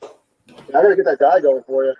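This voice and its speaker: A man's voice: fairly high pitch, fast, slightly rough, muffled recording. A man chatting offhandedly on a live stream while he works at reloading. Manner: offhand, talks while working at a bench. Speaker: panelist. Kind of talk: casual live-stream chat.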